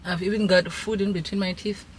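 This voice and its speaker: A woman's voice: mid-range voice, fairly even intonation, fairly quick, slight background noise. A woman vlogging casually from a car and a dealership lot, emotional, laughing and tearful. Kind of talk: casual vlog chat. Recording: music playing clearly behind.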